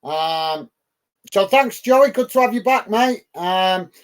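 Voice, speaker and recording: A man's voice: sits high, expressive, slow. A man from the UK hosting a live football watch-along, calling the match and chatting casually with viewers, with frequent ums and uhs.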